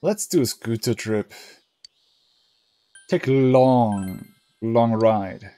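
A man records a let's play, musing aloud and reading the game's lines in an easygoing, halting manner. His voice sits at an ordinary middle pitch. Soft game music plays faintly underneath. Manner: muses aloud, reads game text in a relaxed, halting way. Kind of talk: casual game commentary, reading dialogue aloud.

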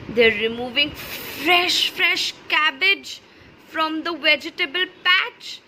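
A woman's voice: high-pitched, bright, forceful tone, a little hiss or hum, poor audio. A woman reading a farm picture book aloud to young children, with a sing-song manner, coaxing questions and animal sounds.

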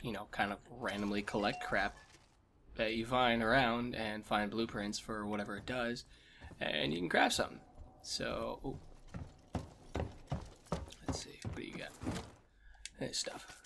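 A man with damaged vocal cords talking quietly and low as he commentates a game he is playing, coughing often. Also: moderate pace, gravelly, a little hiss or hum. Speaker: let's play host. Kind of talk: gameplay commentary. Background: game sounds and music.

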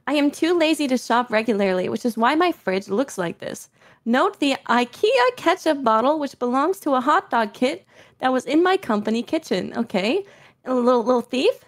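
A young woman streaming, chatting casually and reading viewer messages aloud, often laughing and full of filler words. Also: a little high.

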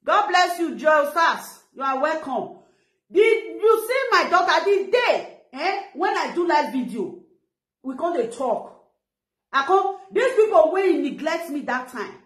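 A woman's voice: extremely high pitch, very animated, measured pace, reverberant. A middle-aged woman with a Nigerian Pidgin English accent, ranting animatedly on a live video and retelling what others said. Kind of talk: casual live-stream talk.

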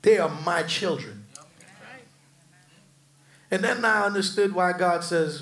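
A middle-aged American man preaching a sermon, swinging from shouted peaks to soft, low asides, with casual slang and humor. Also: takes it slowly, pauses often, roomy sound. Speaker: pastor.

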